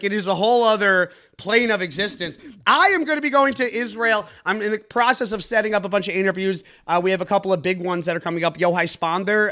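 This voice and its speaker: A young adult man hosting a comedic news podcast, riffing sarcastically with an energetic, mock-announcer delivery. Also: sits high. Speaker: comedy news show host.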